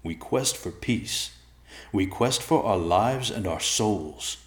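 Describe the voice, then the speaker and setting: Man doing a calm old father bear. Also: on the low side, echoey room, voice pushed up. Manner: slow, calm, commanding.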